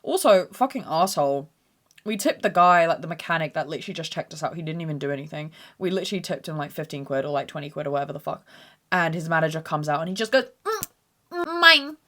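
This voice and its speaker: A woman's voice: low-pitched, fast talker. A young woman in her twenties hosting a podcast, telling stories in a blunt, sweary, dramatic way. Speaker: podcast host. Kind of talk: casual storytelling monologue.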